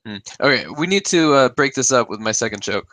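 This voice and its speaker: A man's voice: mid-range voice, animated, brisk, pushed and bright, dry recording. A man co-hosting a podcast in casual sports chat, joking and chuckling often. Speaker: podcast co-host.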